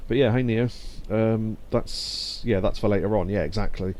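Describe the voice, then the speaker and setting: A man's voice: fairly low pitch, normal speed, darkish tone, slight background noise. A young man casually commenting while streaming a game, chatty and laughing often as he reads game text aloud. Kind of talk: casual let's-play commentary.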